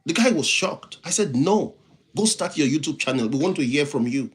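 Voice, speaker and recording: Animated man preaching a motivational livestream. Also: on the high side, moderate pace. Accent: non-native English. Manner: preachy, repeats phrases for emphasis; reads viewer comments and thanks them by name. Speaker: livestream host, motivational speaker.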